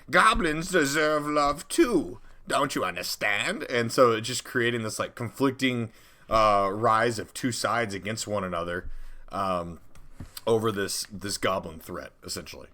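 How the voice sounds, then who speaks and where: A man with a bright, tense voice sitting a little low in pitch, tossing out game ideas in casual chat. He gets excitable, piling up fillers and making sound effects. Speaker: podcast co-host designing a tabletop adventure.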